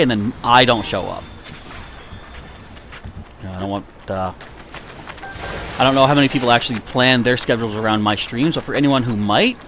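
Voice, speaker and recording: Playing a video game live, this man talks easily with his viewers and makes self-deprecating jokes. He has a medium pitch with a fairly bright, slightly nasal tone, heard in a warm indoor space.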